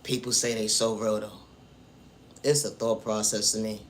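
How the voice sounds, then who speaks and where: A man's voice: lowish voice, little pitch movement, moderate pace, a little hiss or hum. A man delivering a preachy motivational monologue about faith and self-worth, speaking straight to the viewer and returning again and again to the same refrains. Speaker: spiritual vlogger.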